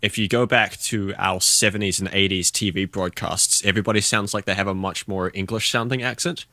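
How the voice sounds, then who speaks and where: A man's voice: on the low side, fairly even intonation, brisk, pushed and bright, no room sound, studio quality. A man with a New Zealand accent, chatting casually as a podcast guest in a laid-back, rambling way. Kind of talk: casual chat.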